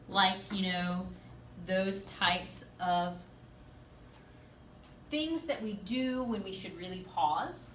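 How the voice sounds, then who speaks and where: A woman in her thirties, a speech teacher, giving a lively, emphatic classroom lecture with playful asides to her students. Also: medium pitch, slow pace, pauses often, slight background noise. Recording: echoey classroom from far off, faint ambience.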